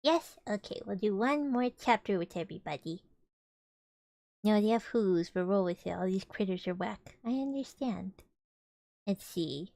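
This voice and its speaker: A woman's voice: mid-range voice, animated, moderate pace, gravelly, a little mellow, no echo. A young woman streamer reading a storybook aloud with casual, chatty and giggly asides between passages.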